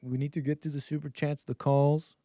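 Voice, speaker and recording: A man's voice: fairly high pitch, little pitch movement, fairly quick, warm tone, no echo. An American man hosting a livestream call-in show, talking in a sarcastic, mocking way. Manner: sarcastic, mocking quoted voices.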